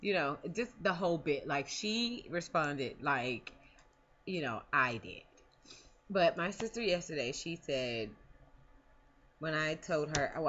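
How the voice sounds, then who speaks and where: A woman's voice: low-pitched, a bit bright, highs cut off. A woman talking casually in a personal vlog, rambling with many fillers and restarts. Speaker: vlogger.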